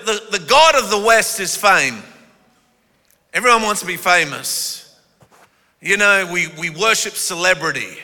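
A pastor preaching a sermon, joking with volunteers and then building to forceful delivery. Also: male voice, high-pitched, animated, measured pace, long pauses. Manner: playful and teasing, then rising to forceful preaching. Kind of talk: sermon with audience participation. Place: church hall. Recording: echoey hall reverb.

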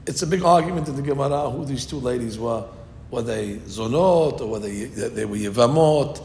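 A man giving an informal Torah class, telling the story lively acted-out voices. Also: mid-range voice, normal speed, vocal fry. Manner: animated storytelling, acting out quoted voices. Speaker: Torah teacher. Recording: echoey hall with faint noise.

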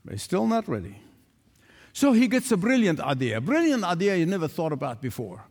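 A man's voice: sits high, huge pitch swings, brisk, a little mellow. An older man preaching a sermon, emphatic, repeating phrases for stress. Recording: long hall reverb.

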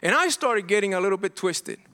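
A man's voice: sits high, animated, a little fast, sharp tone. A middle-aged man preaching a sermon as pastor, earnest and impassioned, often restarting and repeating himself.

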